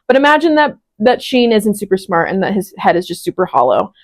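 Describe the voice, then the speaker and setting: Her mid-range voice is sing-song and a little fast. She's a woman in her twenties giving a singing lesson online, explaining things one step at a time and encouraging her student with regular check-ins.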